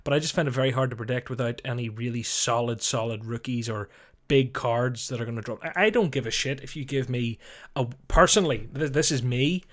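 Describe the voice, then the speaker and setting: Male co-host, opinionated and blunt, casual, quick to laugh. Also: mid-range voice, fairly bright tone. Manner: opinionated, frank, laughs easily, mild swearing. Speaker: podcast co-host. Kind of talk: casual chat.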